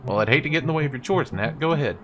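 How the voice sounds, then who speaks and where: A woman plays a weary, down-on-his-luck man in a game, pitched well below her own voice. He is dry and deadpan, and his voice rises and falls a lot. Faint music plays behind. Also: rapid-fire. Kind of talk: voice-acting a game.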